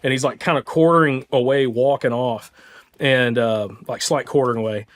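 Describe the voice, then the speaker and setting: A man with a Southern US accent, hosting a podcast, tells a hunting story in an excited, casual way, full of "like" and "dude". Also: medium pitch, moderate pace. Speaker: podcast host.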